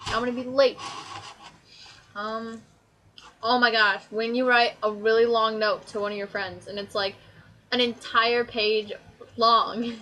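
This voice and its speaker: A woman's voice: on the high side, fairly even intonation, a little slow, long pauses, bright, forceful tone, poor audio. A teenage girl vlogging a casual, sarcastic rant about her pet peeves. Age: teens. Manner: chatty, exasperated, sarcastic. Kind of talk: casual ranting list.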